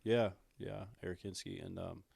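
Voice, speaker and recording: A man, a former pro pitcher, speaking in a relaxed, casual way, full of fillers. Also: a little slow, creaky, breathy edge, no room sound, studio quality. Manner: relaxed, frequent fillers and "you know". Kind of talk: casual interview chat.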